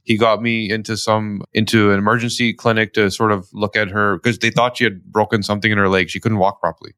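A man from Canada, a guest, telling a family story in lively conversational style with quoted dialogue. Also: on the low side, fast, no room sound, clean studio sound. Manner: animated, tells stories with quoted dialogue. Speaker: guest, company founder.

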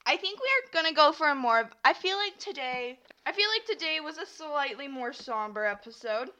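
A woman's voice: high-pitched, big pitch swings, brisk, sharp tone. A young woman hosting a casual solo podcast, talking in a chatty, scattered way that jumps between thoughts. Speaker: podcast host. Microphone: home podcast mic. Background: toy piano music.

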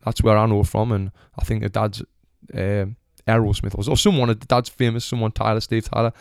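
A man's voice: fairly low pitch, fairly even intonation, a little fast, creaky, clean tone, dry recording, studio quality. A young man from England with a Sunderland accent, telling a casual story full of swearing and acting out the people in it. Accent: Sunderland English. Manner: chatty, swears freely, acts out the people in his story. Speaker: retired boxer telling a story.

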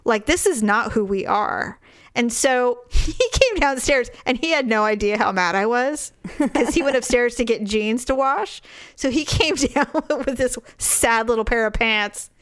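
A middle-aged woman hosting a podcast tells a story in casual conversation, performing the voices of people she quotes while swearing and laughing. She speaks at a measured pace in a fairly high voice.

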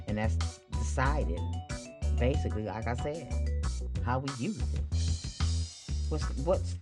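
A woman hosting a spiritual podcast, talking casually and preachily into a microphone, asking rhetorical questions and chuckling often. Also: rumbling low. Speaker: podcast host. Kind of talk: spiritual motivational talk. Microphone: studio microphone.

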